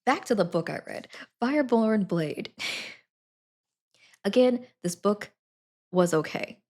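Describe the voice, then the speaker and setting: A woman's voice: medium pitch, animated, slow pace, darkish tone. A woman chatting casually to her live stream audience, giggling between sentences. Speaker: Twitch streamer.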